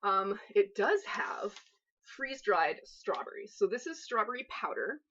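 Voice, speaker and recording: A woman runs a live baking stream at home, rambling, chatting and joking with her audience. She speaks a little slowly in a sing-song, mid-range voice with a fairly bright tone, on a muffled recording.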